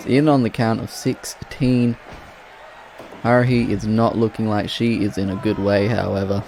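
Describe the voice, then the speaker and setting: A man giving play-by-play commentary on wrestling matches, excitable and breaking into loud exclamations. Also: on the low side, normal speed, vocal fry, a faint crowd, slight background noise.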